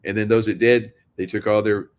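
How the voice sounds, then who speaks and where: Low-voiced man ranting sardonically. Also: flat delivery, a little fast, dull audio. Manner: sardonic, laughs often, rambling restarts. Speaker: political commentary host. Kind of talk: casual monologue to viewers.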